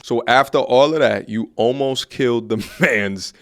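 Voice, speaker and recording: A man's voice: mid-range voice, measured pace. A man hosting commentary, speaking bluntly in a preachy, slangy way. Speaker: host.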